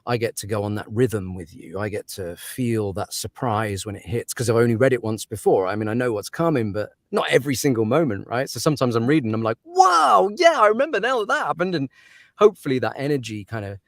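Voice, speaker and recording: A man's voice: fairly low pitch, fast talker, hardly any pauses, darkish tone, dry recording. A man who narrates audiobooks, talking through his craft in a casual interview, thoughtful and given to laughs and fillers.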